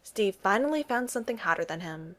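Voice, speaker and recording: A woman's voice: mid-range voice, expressive, brisk, a bit bright, close to an everyday voice. A woman reading the part of a cool, wry female spy in a story, teasing in tone.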